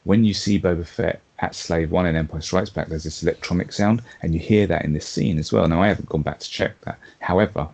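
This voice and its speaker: A man's voice: low-pitched, a little fast, hardly any pauses, darkish tone. A man co-hosting a fan podcast, recapping episodes in a rambling, casual way full of fillers. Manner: rambling, filler-heavy storytelling. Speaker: podcast co-host.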